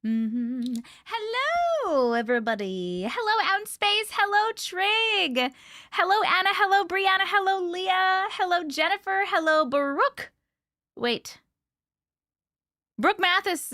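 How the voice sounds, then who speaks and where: Woman, livestream host, high voice, very lively pitch, bubbly, chatty, dry close sound. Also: dry recording. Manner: bubbly, chatty, quick to laugh. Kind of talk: casual live chat greeting viewers.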